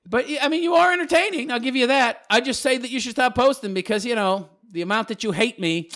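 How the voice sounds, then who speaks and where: A fast-talking man rants casually to camera, answering critics in a mocking, sarcastic tone. His voice sits a little high and swings widely in pitch. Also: vocal fry, a bit bright. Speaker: video commentator replying to comments.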